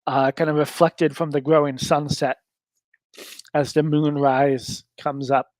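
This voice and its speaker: A man narrating his own solo tabletop game, rambling along with plenty of fillers. His voice sits a little high. The recording is dry and close. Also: flat delivery, unhurried, darkish tone, dry recording.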